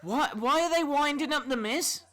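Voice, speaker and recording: A man hosting a live stream, giving chatty reaction commentary with bursts of excitement and muttering to himself between remarks. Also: very high voice, moderate pace. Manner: mutters to himself while fiddling.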